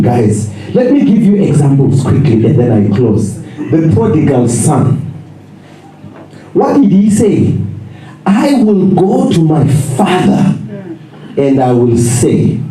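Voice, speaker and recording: A man preaching a lively sermon at a men's conference, joking, laughing often and acting out quotes. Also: medium pitch, slight background noise. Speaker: pastor. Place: large church hall. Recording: echoey hall recording from far off, with audience.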